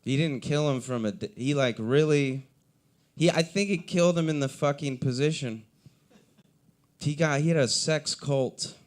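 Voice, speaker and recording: A young man performing a stand-up set at an open mic, rambling and self-deprecating, acting out the voices of the people in his stories. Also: mid-range voice. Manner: rambling, self-deprecating storytelling with acted-out quotes. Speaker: stand-up comedian. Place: coffee shop open mic.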